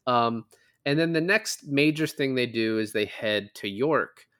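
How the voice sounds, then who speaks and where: A man's voice: medium pitch, animated, unhurried, a bit bright, smooth. A man co-hosting a podcast, casually recapping a film, rambling and laughing as he retells scenes. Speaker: podcast co-host. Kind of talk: casual movie recap chat.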